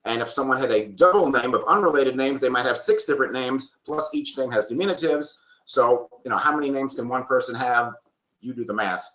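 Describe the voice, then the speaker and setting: This man's fairly bright, mid-range voice moves at a fairly quick clip as he lectures through slides at a genealogy workshop. He keeps a steady explanatory tone, often saying um and slipping in the odd dry joke, and the room has a roomy echo.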